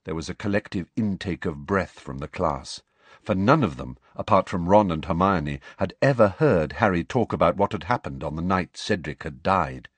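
Man reading an audiobook, lowish voice, lots of up and down, dry sound. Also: normal speed, dry recording. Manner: expressive storytelling. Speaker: audiobook narrator. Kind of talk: scripted narration.

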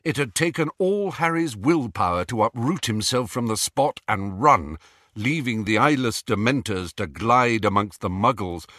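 Male narrator, low and lively, measured storytelling, dry booth read. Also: no room sound. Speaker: audiobook narrator. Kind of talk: scripted narration.

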